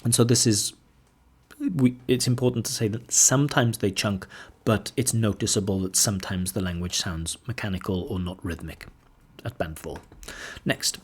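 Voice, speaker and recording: A man teaching a lesson as a language examiner, explaining patiently and saying example sentences aloud. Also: fairly low pitch. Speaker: IELTS examiner teaching pronunciation.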